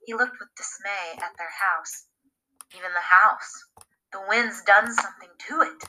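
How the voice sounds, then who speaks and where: A woman reading a story aloud with expressive, dramatic narration. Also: medium pitch, measured pace, low-quality recording. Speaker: podcast reader.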